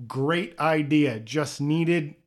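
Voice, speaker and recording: A man's voice: on the high side, drawn-out words. Rambling, profane man chatting on a podcast. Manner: rambling, profane, laughs often. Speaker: podcast co-host. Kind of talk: casual chat.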